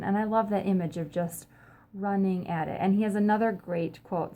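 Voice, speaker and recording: A woman's voice: mid-range voice, steady tone, normal speed, mellow. A woman pastor giving a casual, upbeat teaching talk to camera, chatty with frequent ums. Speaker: pastor and host of a short church video series.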